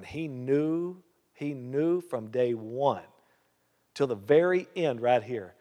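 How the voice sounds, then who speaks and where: Man, pastor, sermon, emphatic rhetorical questions, average pitch, reverberant church hall. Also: lively intonation, takes it slowly, warm tone.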